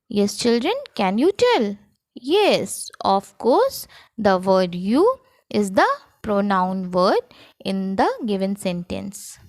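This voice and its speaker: A woman teacher with an Indian English accent, talking children through a grammar lesson in a slow classroom manner. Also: medium pitch, sing-song, no room sound, studio quality. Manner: slow, sing-song classroom delivery. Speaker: school teacher.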